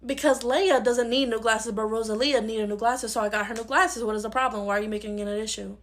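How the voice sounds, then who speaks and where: A woman acting out a sharp, defensive mother who snaps at her daughter in a comedy skit. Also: on the high side, steady tone, fast, close to an everyday voice, rough recording. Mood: snapping. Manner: sharp, snappy. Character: harsh, defensive mother of two girls.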